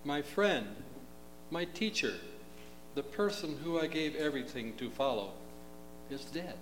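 A man's voice: a little high, a little slow, fairly bright tone, a little hiss or hum. A man playing a grieving male disciple in a church drama, speaking with earnest sorrow in a roomy hall.

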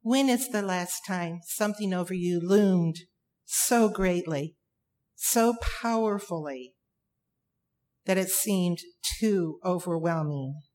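A woman preaching a sermon, emphatic, with dramatic pauses and repeated phrases. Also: on the low side, a little mellow.

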